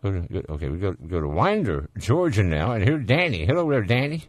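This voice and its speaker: A man with a Southern US drawl hosts a call-in radio show in a casual, folksy way, trading jokes with callers. His voice sits very low. The studio sound is close and dry, with no room around it. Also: sing-song, fast talker, no echo. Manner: folksy, joking, laughs easily. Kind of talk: casual talk radio chat. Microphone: studio microphone.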